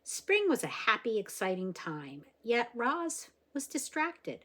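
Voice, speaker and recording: A woman reading a children's novel aloud, expressive and gentle, with small slips here and there. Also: on the high side, slow pace. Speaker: reader.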